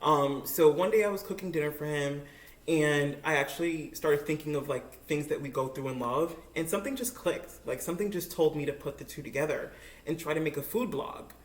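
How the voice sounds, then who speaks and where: A woman's voice: low voice, a little fast. Chatty young woman in an echoey kitchen. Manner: chatty and giggly, full of likes and ums. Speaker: cooking vlogger. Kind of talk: casual storytime while cooking. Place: home kitchen. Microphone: camera on a makeshift tripod.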